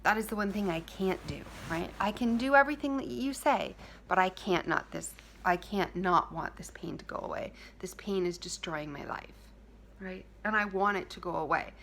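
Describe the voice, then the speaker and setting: A woman giving a heartfelt self-help talk to her viewers, speaking softly and intimately, dropping at times to a whisper and repeating key phrases. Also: fairly low pitch, moderate pace, creaky, a little hiss or hum.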